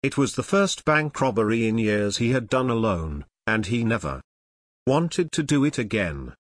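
Narrating a true-crime book, this man speaks at mid-range pitch with a lively rise and fall, keeping things measured but expressive. It's recorded dry and carries no echo.

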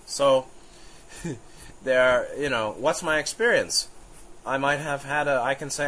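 A man's voice: mid-range voice, fairly even intonation, fairly bright tone, slight background noise, poor audio. A man giving an unscripted spiritual talk, thinking aloud with fillers and restarts and chuckling now and then. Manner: musing, halting, with frequent fillers and restarts. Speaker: teacher. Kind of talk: spontaneous spiritual teaching.

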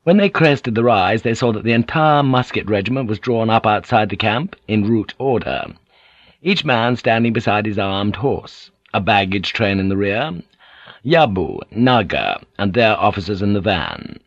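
Low-voiced man narrating an audiobook. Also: expressive, moderate pace, dry recording. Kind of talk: scripted narration. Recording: dull lo-fi audiobook recording.

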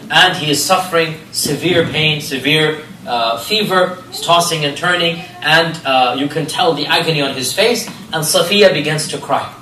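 A man's voice: a little high, normal speed, hardly any pauses, roomy sound, far from the mic, slight background noise, rough recording. A man giving a religious history lecture, telling stories with rhetorical questions. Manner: animated storytelling with rhetorical questions.

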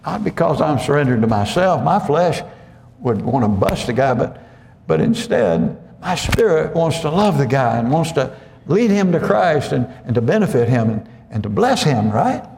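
A man's voice: medium pitch, sing-song, moderate pace, creaky, a little mellow, long reverb tail. A man preaching a conversational sermon as pastor, with many restarts and asides to the congregation.

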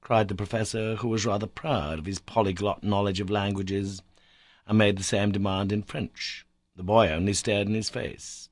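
A man narrating a classic novel in the first person, measured and expressive. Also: low voice, no room sound. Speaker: audiobook narrator.

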